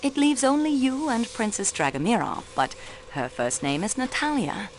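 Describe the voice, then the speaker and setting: A young woman voices a mystery game's amateur detective, a railway clerk playing sleuth, at normal speed with a fairly high pitch and big pitch swings, over a little hiss or hum. Her character is sharp, cool and persistent, staying poised as she probes and tossing in French phrases. This is video game voice acting.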